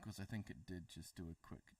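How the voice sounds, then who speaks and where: Deadpan New man, distant mic. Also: low-pitched, fairly quick, breathy edge, dry recording. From New Zealand. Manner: dry, joking, deadpan. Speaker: co-host, story narrator. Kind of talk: casual livestream banter. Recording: distant mic, dry sound.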